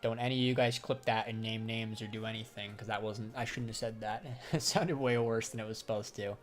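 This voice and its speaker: Faint music sits behind a young adult man whose fairly low voice moves a little fast with fairly even intonation. On his livestream he chats casually about trading and answers viewers, laughing often. As a crypto trader and streamer, he talks loosely, with plenty of slang and swearing.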